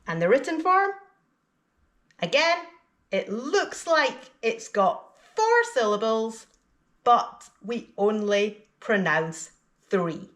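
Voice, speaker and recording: A woman teaching English pronunciation, speaking slowly and deliberately and enunciating each word carefully so learners can repeat it. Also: a little high, lively intonation, fairly bright tone. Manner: clear, careful enunciation of single words. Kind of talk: slow, deliberate teaching with pauses for repetition.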